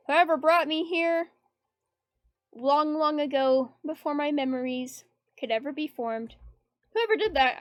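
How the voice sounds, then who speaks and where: A woman with a high voice chats casually while she draws, rambling and giggling and reading chat messages aloud. Her voice is close and dry, with soft music playing behind it. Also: no room sound. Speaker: art streamer. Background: faint background music.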